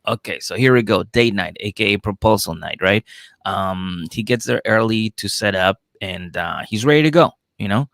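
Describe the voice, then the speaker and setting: A man's voice: lowish voice, normal speed, gravelly, fairly bright tone, dry recording, studio quality. A man co-hosting a comedy podcast, chatting loosely and rambling, with frequent laughs. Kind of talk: casual chat recapping a reality show.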